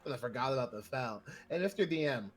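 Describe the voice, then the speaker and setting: A man's voice: medium pitch, animated, quick pace. A man playing in a tabletop game, asking eager questions in a casual way. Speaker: player.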